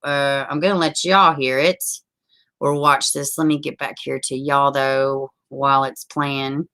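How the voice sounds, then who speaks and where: Woman, thirties, livestream host, bright, chatty, swears a lot. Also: rumbling low, flat delivery, unhurried. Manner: chatty, laughing often, swearing, talking to chat. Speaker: livestream host reading viewer comments. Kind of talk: casual livestream chat.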